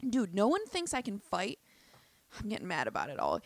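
A woman's voice: a little high, normal speed, dry recording. Young woman ranting a story, lots of swearing and like-um restarts, dry close sound. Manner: animated, profane, lots of fillers and restarts. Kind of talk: casual storytelling.

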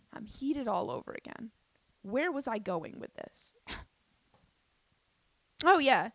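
A woman's voice: on the high side, very animated, takes it slowly, pauses often, a bit bright, dry recording. A young woman stand-up comedian telling a story in a casual vlog, swearing, laughing and acting out both sides of the argument, recorded on her own camera. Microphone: self-recorded on a battery-powered camera.

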